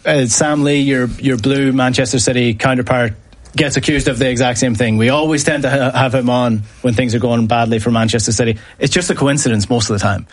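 A man hosting a breakfast sports radio show, talking briskly about football and reading promos. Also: mid-range voice. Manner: brisk, reads ad copy and promos in a lively way.

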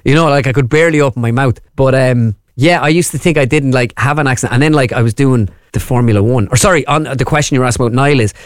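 A man with a Midlands Irish accent, chatting casually as a comedian guest in an interview, rambling with quick asides. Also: medium pitch, no room sound, clean studio sound.

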